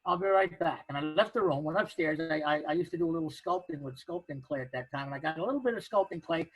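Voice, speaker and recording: Older male storyteller, husky and high-pitched, halting anecdote delivery. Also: no echo, soft background music, low-quality recording. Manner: acts out the other speakers' lines, halting with restarts.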